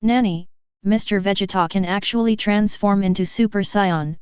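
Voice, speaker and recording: A woman's voice: mid-range voice, moderate pace, darkish tone, clear, resonant tone, no room sound, natural voice. A woman's synthetic voice voicing a polite, easily surprised young male fighter in a storybook reading. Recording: slightly muffled dry read.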